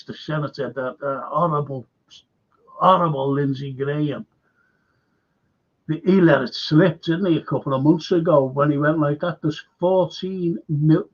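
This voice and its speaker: A man's voice: a little high, darkish tone. A man hosting a casual current-affairs livestream, rambling, reading viewer comments aloud and trailing off mid-sentence. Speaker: livestream host. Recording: dull lo-fi stream audio.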